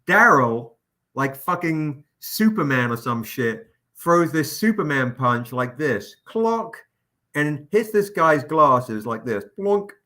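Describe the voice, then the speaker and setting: A man hosting a livestream, telling an anecdote in a casual, animated, profane way. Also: medium pitch, slow pace. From England. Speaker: comic publisher hosting a livestream.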